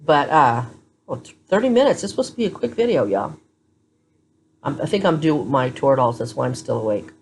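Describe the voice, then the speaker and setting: Speaking to her phone's camera in a hospital room, a tired woman with a deep voice recounts her experience frankly, in true keep-it-real vlogger fashion. Her delivery is sing-song and slightly quick, with a darkish, breathy tone.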